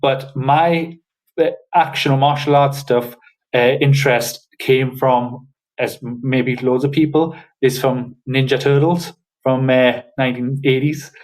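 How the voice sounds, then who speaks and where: A man's voice: mid-range voice, measured pace, rough recording. A man from Newcastle with a northern English accent, a podcast guest chatting casually and hesitantly, with many fillers. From Newcastle, northeast England. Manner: hesitant, full of fillers, relaxed.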